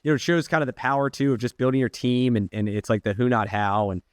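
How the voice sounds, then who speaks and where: Male host, quick rambling talk, dry close sound. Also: mid-range voice, steady tone, smooth, no echo. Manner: loose, rambling, full of fillers like "you know" and "like". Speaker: podcast host. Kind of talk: casual interview talk.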